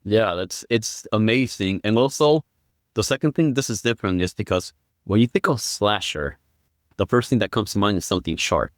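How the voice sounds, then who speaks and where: A man as a guest on a film podcast, explaining step by step and building up to excited quoted lines. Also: lowish voice, moderate pace, no room sound, clean studio sound. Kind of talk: casual film review chat.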